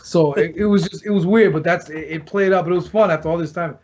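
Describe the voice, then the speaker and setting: Man, fairly high voice, casual storytelling, rambling with restarts, muffled lo-fi audio. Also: quick pace, darkish tone, slight background noise. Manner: rambling, restarts often, acts out quoted lines. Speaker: former pro wrestler, guest. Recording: dull lo-fi podcast audio.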